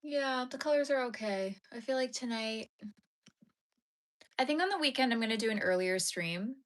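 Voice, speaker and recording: A woman's voice: a little high, lively intonation, moderate pace. A young woman streaming live as she crochets, chatting with her viewers and getting tearful over sad dog movies. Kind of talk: casual live-stream chat while crocheting.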